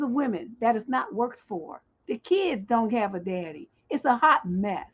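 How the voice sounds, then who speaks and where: A woman's voice: on the high side, big pitch swings, normal speed, few pauses. A middle-aged woman hosting a livestream relationship advice show, reading viewer letters and answering in blunt, profane, exasperated rants. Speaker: relationship coach and livestream host. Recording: dull lo-fi stream audio.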